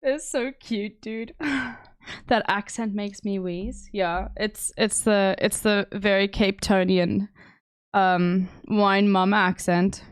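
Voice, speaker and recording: A woman's voice: medium pitch, steady tone, takes it slowly, clean tone, dry recording, studio quality. A woman streaming, chatting casually and laughing often. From South Africa. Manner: giggly, chatty, laughs a lot. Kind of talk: casual chat.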